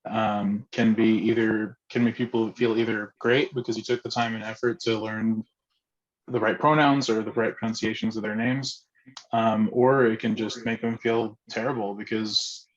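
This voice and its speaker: A man's voice: fairly low pitch, little pitch movement, normal speed, dull audio. A man leading a casual group discussion, talking hesitantly with many fillers and restarts. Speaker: discussion facilitator.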